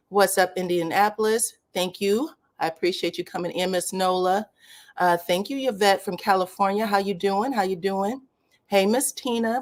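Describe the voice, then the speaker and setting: A woman hosting a casual live stream, her voice sitting low but leaping up when she calls out to viewers. She chats loosely and repeats her welcomes in a friendly, drawn-out way. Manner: lively, greets viewers by city, drawn-out welcomes. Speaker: host of a live commentary stream.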